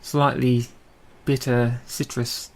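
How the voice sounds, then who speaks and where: A man's voice: medium pitch, level tone, slow pace, darkish tone. A man with an Australian accent co-hosting a casual podcast, chatty, with lots of ums and frequent laughs. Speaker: podcast co-host. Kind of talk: casual chat.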